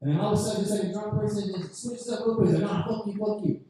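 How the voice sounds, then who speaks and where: A man's voice: high voice, fast talker, mellow. A young man doing a rambling, profane stand-up story at an open mic, heard from a distant camera in a lounge. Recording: very echoey room from far off.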